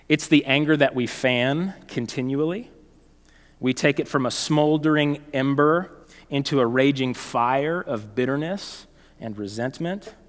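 Man preaching in an echoing hall. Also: mid-range voice. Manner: conversational, animated storytelling with frequent restarts. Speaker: pastor. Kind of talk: sermon.

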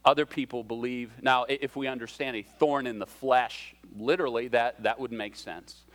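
A man's voice: medium pitch, fairly even intonation, normal speed. A man preaching a sermon as a pastor, in a conversational way with self-deprecating humor and shifting emphasis.

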